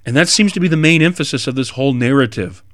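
A man preaches through a passage, animated and rising to sudden emphatic bursts. His voice sits at an ordinary middle pitch. The sound is dry and close, with no room around it. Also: fast talker, no echo. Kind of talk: expository sermon.

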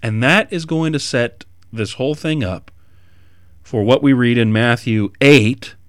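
A man preaches through a passage, animated and rising to sudden emphatic bursts. His voice sits at an ordinary middle pitch. The sound is dry and close, with no room around it. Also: a little slow, no room sound. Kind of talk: expository sermon.

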